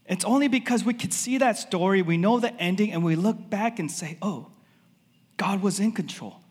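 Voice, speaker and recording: A male pastor delivers a sermon in a relaxed, chatty way, dropping fillers as he goes. His voice sits high for a man. The sound carries a long reverb from a church hall. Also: moderate pace, slightly rough. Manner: casual, conversational preaching with many fillers.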